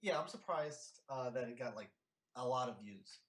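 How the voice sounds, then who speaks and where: A young man from Philadelphia, a guest in a casual interview, talking haltingly with many fillers and restarts. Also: medium pitch, animated, roomy sound.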